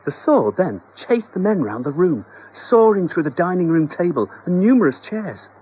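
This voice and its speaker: A man narrating a children's story in a scripted, expressive, comic storytelling manner. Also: high-pitched, moderate pace, slight background noise, poor audio.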